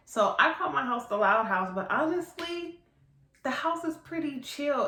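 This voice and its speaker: A woman vlogger and mother of three chatting casually at home, lively, laughing often and acting out what people say. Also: high-pitched, unhurried, roomy sound. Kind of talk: casual chat to camera.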